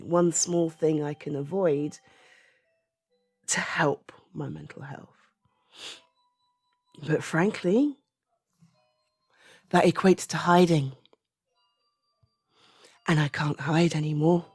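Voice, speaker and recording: British woman, 30s, audio creator: low voice, unhurried, soft and halting, drops to whispers, dry close sound. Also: steady tone, dry recording, soft background music. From Britain. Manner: soft-spoken, halting, often trailing into a whisper. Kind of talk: personal opinion monologue.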